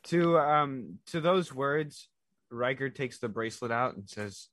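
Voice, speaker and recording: A man's voice: mid-range voice, lively intonation, unhurried, fairly bright tone, dry recording. A man playing a character in a tabletop role-playing game, talking hesitantly with fillers. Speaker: player.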